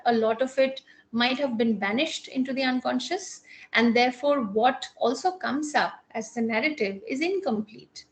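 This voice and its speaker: Lecturing on psychotherapy in an academic, measured way, this clinical psychologist speaks Indian English in a high-pitched voice. She frequently pauses and starts her phrases over.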